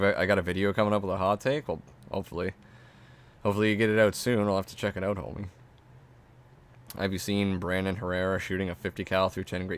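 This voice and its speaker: A man streaming, chatting casually and profanely as he reacts to videos and reads chat. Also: deep voice.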